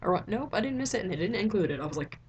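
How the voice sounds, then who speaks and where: A young woman chatting casually in a rambling vlog review, filling her talk with "like" and jumping up in pitch when excited. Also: rapid-fire, dull audio, slight background noise. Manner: chatty, rambling, heavy use of "like". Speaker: vlogger. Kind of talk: casual movie review chat.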